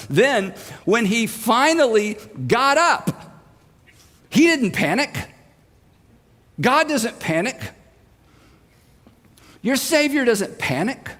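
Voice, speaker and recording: A male pastor with a high-pitched voice delivers a sermon as animated storytelling. He swings from loud, emphatic moments to quiet, intimate asides, and a long reverb from a large hall trails every phrase. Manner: lively storytelling, shifting between loud and hushed.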